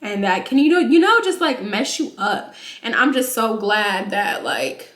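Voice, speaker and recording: A woman's voice: medium pitch, big pitch swings, a little slow, fairly bright tone, echoey room. A young woman vlogger and new mother chatting casually while doing her makeup, informal and talkative, peppering her talk with "like" and "y'all".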